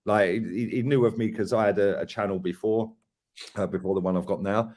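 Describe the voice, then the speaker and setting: A man hosts a relaxed podcast chat, telling stories with animated energy and frequent laughter. His voice sits on the lower side. He talks loosely, with plenty of fillers. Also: a little fast. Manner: animated storytelling, laughs often, many fillers. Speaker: host.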